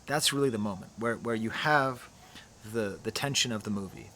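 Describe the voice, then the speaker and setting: A middle-aged man giving casual film commentary to camera outdoors, talking softly, almost in a whisper, musing with quick laughs. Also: lowish voice, a little hiss or hum. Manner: soft, near-whispered delivery. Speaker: YouTube critic. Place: outdoors near trees.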